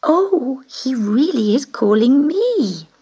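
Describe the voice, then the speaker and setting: A woman voicing a young male witch's kitten in a storybook reading, with a soft, wondering and polite manner. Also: sits high, very animated, slow, breathy edge, pitched above the performer's own voice, exaggerated voice. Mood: surprised.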